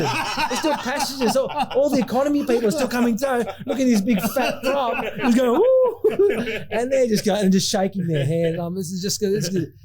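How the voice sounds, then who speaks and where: A man's voice: high voice, warm tone. An Australian man, a former rugby player, telling a rambling, self-mocking story between laughs. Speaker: guest, former rugby prop. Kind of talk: casual storytelling.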